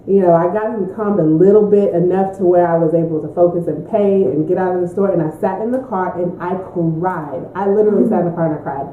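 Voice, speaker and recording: A woman, a mother, chatting casually in a mukbang Q&A, a lively storyteller who laughs often. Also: fairly low pitch, fast, hardly any pauses, slight background noise. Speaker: mother answering Q&A. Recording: tinny echoey room recording.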